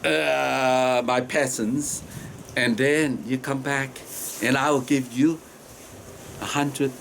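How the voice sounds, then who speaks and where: A man's voice: medium pitch, steady tone, slow, creaky, fairly bright tone, slight background noise, pitched below the performer's own voice. A man putting on the voice of a boastful rich official who breezily promises help later, in a spoken parable. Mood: breezy promise.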